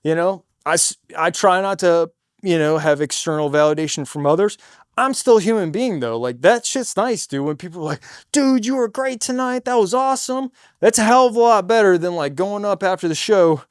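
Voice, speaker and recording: High-voiced man giving laid-back, slangy stage advice. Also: lively intonation, fairly quick, smooth, no echo, studio quality. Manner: demonstrates stage patter by suddenly getting loud. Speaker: singer in a cover band. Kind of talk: casual advice monologue.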